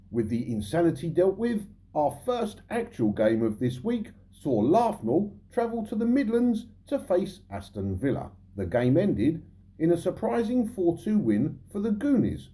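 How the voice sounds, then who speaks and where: A cheeky man hosts a scripted comic football round-up, full of sarcasm and swearing. His voice is mellow and dark, with a lively, bouncing pitch. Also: unhurried. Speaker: comedy football show host.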